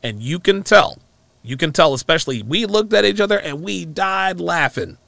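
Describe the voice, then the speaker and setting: A man's voice: high voice, expressive, normal speed, creaky, fairly bright tone, no room sound. A man giving a mocking, profane, emphatic reaction commentary on a clip he plays.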